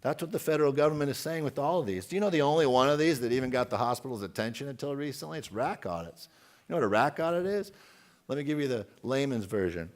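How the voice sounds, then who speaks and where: A man's voice: mid-range voice, expressive, fast talker. A man in his forties delivers a conference keynote with a mid-range voice. He is outspoken and emphatic, and he keeps turning to the audience with pointed questions. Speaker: keynote speaker.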